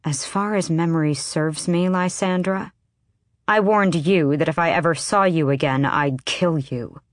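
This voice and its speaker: A woman voicing a dangerous young female assassin who speaks in a slow, menacing drawl. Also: lowish voice, expressive, no echo, clean studio sound, lightly acted.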